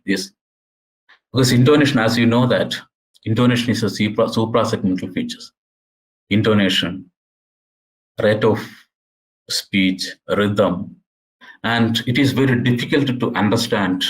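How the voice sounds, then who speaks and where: Man, low voice, lecturing, halting with restarts, earnest. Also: slight background noise, low-quality recording. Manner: halting, with frequent restarts and repeated words; earnest and explanatory. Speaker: university lecturer. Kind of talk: academic lecture.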